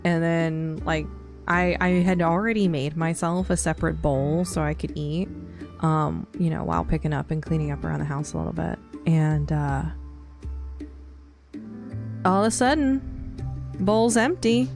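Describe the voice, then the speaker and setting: A woman with a low voice and a gravelly, fry-laden edge chats loosely with her stream audience. She rambles, full of fillers. Soft music plays underneath. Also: normal speed. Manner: rambling, many fillers and laughs. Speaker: streamer chatting with live chat. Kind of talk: casual chat.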